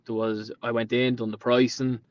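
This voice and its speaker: Casting: dublin tradesman in his late twenties, chatty storyteller, middling pitch, dull lo-fi recording. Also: level tone, normal speed. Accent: Dublin Irish. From Ireland. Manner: rambling storyteller who acts out quoted dialogue. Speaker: podcast guest, painter and decorator. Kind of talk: casual chat. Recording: dull lo-fi sound.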